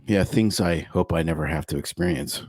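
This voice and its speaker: Man, low voice, physician co-host, chatty, joking explanations, dry close sound. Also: brisk, a little mellow, breathy edge, dry recording. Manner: chatty, explains medical terms with playful jokes. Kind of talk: casual podcast chat.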